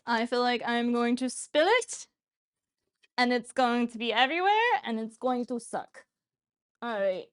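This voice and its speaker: Chatty high-voiced woman cooking at home. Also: measured pace, clear, resonant tone. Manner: chatty, self-mocking, talks while cooking. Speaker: cooking show host. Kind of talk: casual cooking chat. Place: home kitchen.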